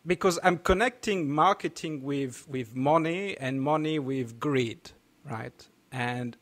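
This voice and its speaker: A man with a French accent hosting a casual podcast, halting and laughing, full of restarts. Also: a little high, a bit bright. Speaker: podcast host.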